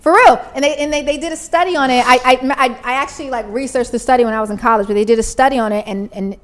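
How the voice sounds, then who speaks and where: A woman's voice: high-pitched, racing, a bit bright. Earnest young woman explaining in casual chat. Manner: explains earnestly with many restarts. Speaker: podcast co-host.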